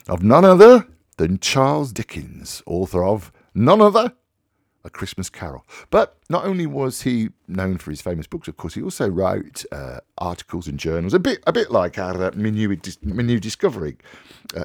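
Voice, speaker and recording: A man hosts a radio show from the studio. His voice sits very low with a husky edge. His delivery swings widely in pitch, and the close mic sounds dry. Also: darkish tone, no echo. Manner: rambling and informal, with fillers. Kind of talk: radio show, reading aloud then casual chat.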